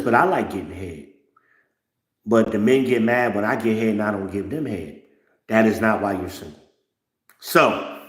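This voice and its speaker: A man hosting a livestream, talking bluntly and profanely to viewers at home in a preachy tone and calling for amens. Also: medium pitch. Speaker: livestream host. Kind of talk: casual profane monologue to viewers. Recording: roomy echo.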